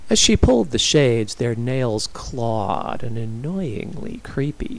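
A man narrating a story in a dramatic, expressive reading style. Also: mid-range voice, unhurried, few pauses, low-quality recording.

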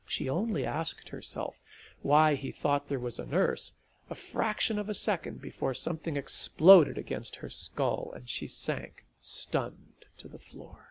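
Gravelly man narrating a story. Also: a little high. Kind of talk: audiobook narration.

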